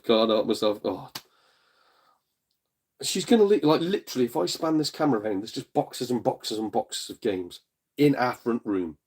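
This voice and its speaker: A man talks straight to his viewers on a casual live stream from home, his voice sitting at a middling pitch. He comes across blunt and jokey, swears now and then, and slips into quick put-on voices to retell back-and-forths. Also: a little mellow. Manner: chatty, blunt, jokey, swears, puts on voices in retold exchanges. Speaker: streamer and gaming channel host. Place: at home in a front room.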